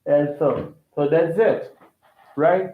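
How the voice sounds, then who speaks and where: A man's voice: a little high, fairly even intonation, slow pace. Man teaching English. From Brazil. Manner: repetitive, restarts phrases and checks with "right?". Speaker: language teacher. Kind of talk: casual online lesson. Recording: echoey, tinny phone-like line.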